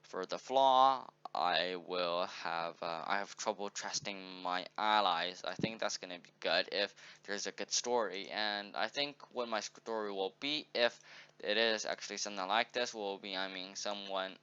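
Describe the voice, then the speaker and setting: A man with a lowish voice talks through a game walkthrough in a meandering, upbeat way, often correcting himself. His tone is bright and forceful, with a crisp, smooth clarity. The recording sounds dull and lo-fi. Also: moderate pace. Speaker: game tutorial presenter. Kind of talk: casual walkthrough, thinking aloud.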